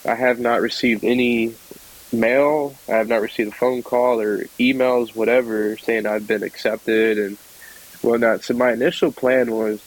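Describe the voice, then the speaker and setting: A man's voice: medium pitch, low-quality recording. Young southern guy on a podcast, chatty, laughs a lot, telling a story. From South Georgia, United States. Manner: chatty, laughs often, acts out voices in his stories. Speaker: podcast guest. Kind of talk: casual storytelling.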